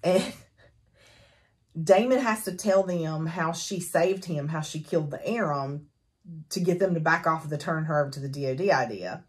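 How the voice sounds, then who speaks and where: A woman chatting casually as she recaps a novel for her book review, animated and full of fillers and laughs. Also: low-pitched, normal speed.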